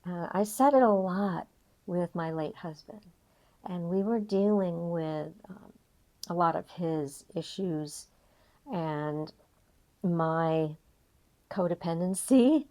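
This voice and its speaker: An older woman coaching an emotional tapping session, reflective and gently guiding, with frequent pauses. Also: on the low side. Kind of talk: guided tapping session talk.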